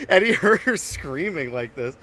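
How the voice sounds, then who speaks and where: Rambling young man hosting a podcast. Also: high voice. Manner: rambling storyteller, animated and loud when excited. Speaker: podcast host. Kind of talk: casual chat.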